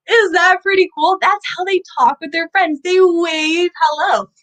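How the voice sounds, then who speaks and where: A woman's voice: extremely high pitch, steady tone, unhurried, hardly any pauses, a bit bright, poor audio. A woman teaching children about animals in a bubbly, sing-song way, often asking them questions. She is indoors at an animal center. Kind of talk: kids' lesson.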